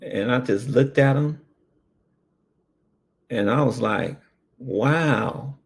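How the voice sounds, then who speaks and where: A man, a paramedic, telling a personal story in an animated, earnest way. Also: medium pitch. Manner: slow, gravelly, animated storytelling.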